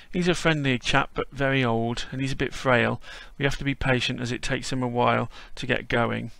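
Chatty man with a gravelly voice. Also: medium pitch, fairly bright tone. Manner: chatty and whimsical. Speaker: host. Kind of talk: casual walkthrough narration.

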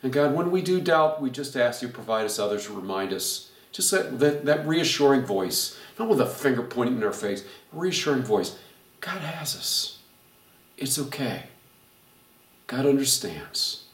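A middle-aged male pastor leading a Bible study and closing in prayer, speaking in a gentle, reassuring way. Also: mid-range voice, lively intonation, moderate pace, hardly any pauses. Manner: gentle reassuring preaching, quotes God softly. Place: church. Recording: echoey room, voice from far off mic.

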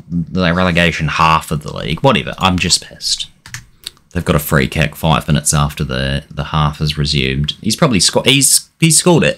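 A young man commentating on his own football management game, getting frustrated, swearing, and shouting at his players. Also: low-pitched. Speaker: gaming channel host. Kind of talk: let's-play commentary.

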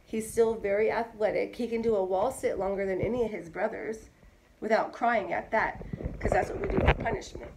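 A woman in her thirties, a mother who sounds hoarse from bronchitis, talking in a chatty, emphatic way and repeating herself in a casual monologue. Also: mid-range voice, fairly even intonation, a little fast, a little mellow, a little hiss or hum, low-quality recording. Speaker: mother vlogging.

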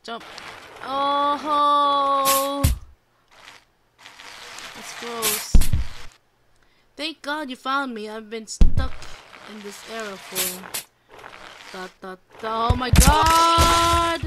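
Young woman, let's-play host, high voice, unhurried, swears and shrieks, clicking loud behind. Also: very noisy. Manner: excitable, swears a lot, shrieks when startled. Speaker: gamer.

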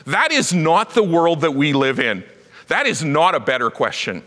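A man preaching a sermon as pastor, retelling a story in an animated, emphatic way. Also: fairly high pitch, moderate pace, in a large hall. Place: church sanctuary.

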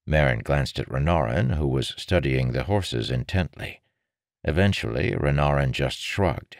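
A man with a very low, deep voice narrating a novel in a measured, even storytelling manner. The recording is dry and close, with no room sound. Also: gravelly, no room sound. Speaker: audiobook narrator. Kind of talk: scripted narration.

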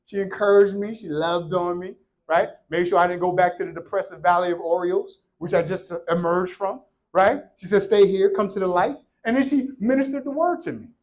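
Male church preacher, thirties, bright high voice, jokes and shouts. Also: fairly quick, hardly any pauses, low-quality recording. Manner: animated, joking, swings from shouting to hushed. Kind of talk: sermon.

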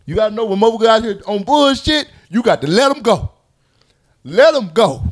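A man's voice: high-pitched, brisk. A man telling a story in casual talk, laughing and acting out voices and sound effects. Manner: animated, laughing, acts out quotes and sound effects. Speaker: podcast guest telling a story. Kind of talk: casual storytelling among friends.

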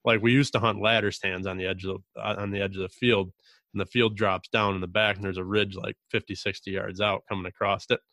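A man hosting a podcast, telling hunting stories in a relaxed, drawn-out way with mild cursing. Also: fairly low pitch, no room sound. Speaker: podcast host. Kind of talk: casual hunting chat.

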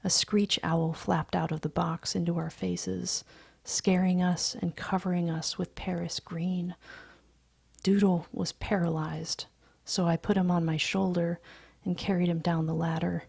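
A woman reading a story aloud in a hushed, breathy, soft-spoken voice. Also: lowish voice, flat delivery, a little slow, dry recording. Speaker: story reader.

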